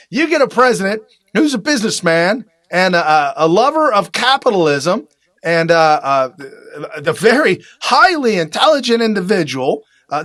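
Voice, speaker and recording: An energetic man from the United States hosting a talk show, giving emphatic political commentary with repeated phrases and frequent filler uhs. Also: sits high, dry recording, studio quality.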